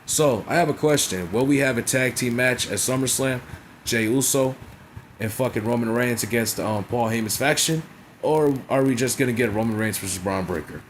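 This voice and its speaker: A man's voice: lowish voice, slight background noise. Blunt, profane man recapping wrestling. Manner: blunt, profane, keeps asking "right?". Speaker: wrestling show reviewer. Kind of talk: casual recap vlog.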